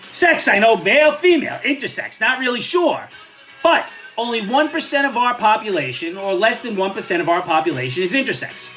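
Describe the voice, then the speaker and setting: A man's voice: sits high, very animated, a little fast, pushed and bright, faint music behind. An older man giving a blunt, sarcastic, opinionated rant on his own vlog. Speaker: vlogger. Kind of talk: ranting commentary vlog.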